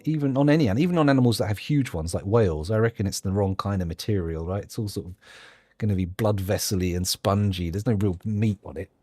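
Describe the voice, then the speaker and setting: Talking fast in a lowish, dark voice with no room sound, a gameplay host rambles through let's-play commentary. He thinks aloud, joking and putting himself down.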